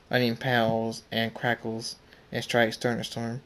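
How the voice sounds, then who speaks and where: A man reading a fan story aloud in a halting way, often restarting words. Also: medium pitch, completely flat delivery, clear, resonant tone.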